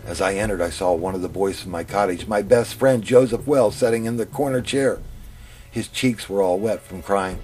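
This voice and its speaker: A man telling his own memoir in the first person, in a plain, steady way. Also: on the low side, moderate pace. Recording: music playing under the narration.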